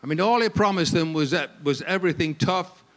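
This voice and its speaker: An English man speaking at a ministry staff gathering, telling humorous stories in an animated, jokey way and laughing often. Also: on the high side, fairly quick. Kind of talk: humorous storytelling talk.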